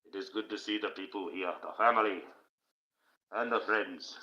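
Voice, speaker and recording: Bright-voiced preachy man. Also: fairly low pitch, fairly even intonation, moderate pace, lo-fi sound. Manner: preachy, declaiming in a put-on voice. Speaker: livestreamer. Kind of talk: preaching livestream monologue in character.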